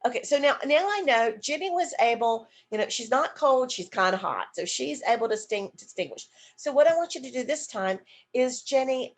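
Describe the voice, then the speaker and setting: Nurse lady teaching on a video call, kinda high voice, acts out little examples. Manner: demonstrative, acts out example questions to a partner; explanatory, asks and answers her own questions. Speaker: dementia educator and nurse. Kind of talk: online seminar teaching.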